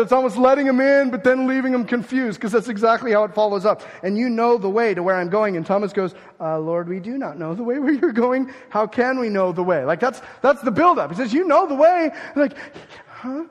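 A man preaching a sermon as pastor, swinging from loud emphatic lines to hushed, near-whispered ones. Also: very high-pitched, expressive, brisk, big-room sound.

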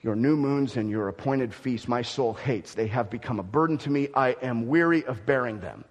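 A man preaching a sermon, swinging between loud emphatic declarations and soft gentle murmuring, often repeating words as he restarts. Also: mid-range voice, normal speed. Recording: long hall reverb.

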